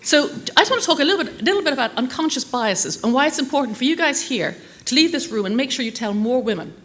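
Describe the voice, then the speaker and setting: Woman, middle-aged, brisk conference speaker, anecdotal and self-mocking. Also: sits high, expressive, a little hiss or hum. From Ireland. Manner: chatty, anecdotal, self-deprecating humor. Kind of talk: conference talk. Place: conference hall.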